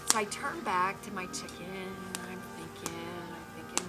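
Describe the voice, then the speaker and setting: A woman telling a personal anecdote to a group in an animated, self-mocking way. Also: medium pitch, moderate pace, loud music behind the voice. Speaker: storyteller.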